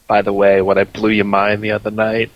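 A man's voice: lowish voice, monotone, brisk, no echo, dull audio. A man co-hosting a casual podcast, chiming in with teasing jokes. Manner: joking interjections, teasing. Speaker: podcast co-host. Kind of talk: casual chat.

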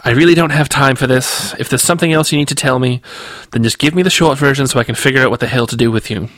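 A man's voice: fairly high pitch, animated, quick pace, fairly bright tone, dry recording, voice pushed up. A man reading aloud and voicing a businesslike woman who is chief hostess, clipped and exasperated.

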